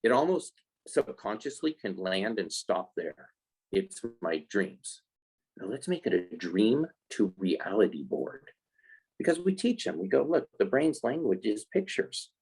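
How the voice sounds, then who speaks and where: A man coaching kids' life skills, talking in a casual podcast interview with a low, husky, gravelly voice. He explains in an animated way and jumps into quoted voices as he goes. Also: measured pace, low-quality recording.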